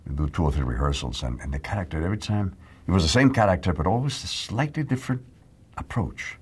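An older man with a Mexican accent, an actor recalling his career in a reflective interview, speaking in a measured, admiring way. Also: sits low, expressive, slightly rough. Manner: measured, admiring storytelling with pauses.

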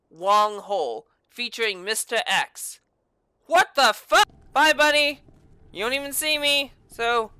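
High, bright-voiced sarcastic woman gamer. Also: dry recording. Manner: profane, sarcastic running commentary; loud startled outbursts and taunting. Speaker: gaming let's-play host. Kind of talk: casual gameplay commentary.

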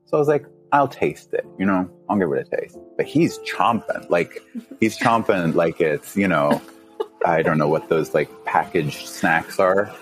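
A man on a podcast, telling a story in a casual, animated way, laughing often and jumping up in pitch as he acts out his younger self. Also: a little slow, soft background music. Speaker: podcast guest.

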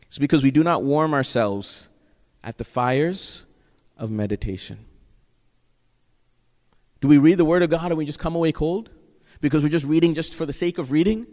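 A man's voice: fairly high pitch, a little mellow. A man preaching a sermon as pastor, earnest and exhorting, often checking in with the congregation with "right?". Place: church sanctuary. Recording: long church-hall reverb.

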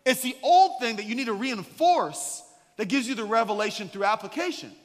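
A man preaching a sermon as a guest pastor, an animated, joking storyteller. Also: very high voice, fairly quick, in a large hall. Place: church sanctuary.

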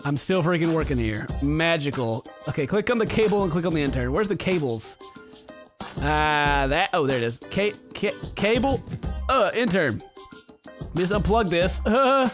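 A man's voice: fairly high pitch, moderate pace, faint music behind. A man giving comedic, sarcastic commentary while playing a game, laughing often. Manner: animated and jokey, laughing often, sarcastic asides. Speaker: let's play gamer.

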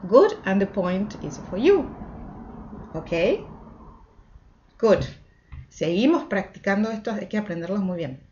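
A woman's voice: mid-range voice, sing-song, darkish tone, a little hiss or hum. Woman teaching English to kids, dull recording. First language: Spanish. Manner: sing-song, mixing Spanish and English, drawn-out repetitions. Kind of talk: children's English lesson.

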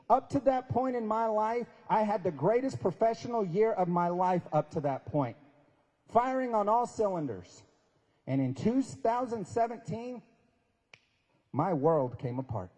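Guy in his 40s giving a talk, high mellow voice, storytelling and acting out lines, big hall reverb. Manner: storytelling, acts out quoted dialogue, conversational and emphatic. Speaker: speaker. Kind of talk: inspirational talk at a prayer breakfast. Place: large event hall. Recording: long reverb of a large hall.

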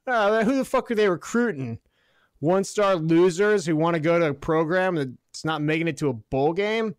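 A man's voice: a little high, fairly quick, smooth, dry recording. A man co-hosting a sports podcast, ranting about his team with heated sarcasm and lots of swearing. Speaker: podcast co-host. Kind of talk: profane sports rant.

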